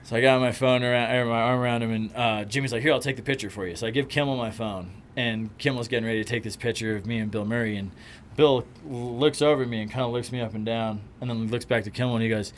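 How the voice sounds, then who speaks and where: A man and actor, a podcast guest, telling an animated story in casual chat and acting out what people said. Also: medium pitch, fast. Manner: animated anecdote-telling, acts out quotes.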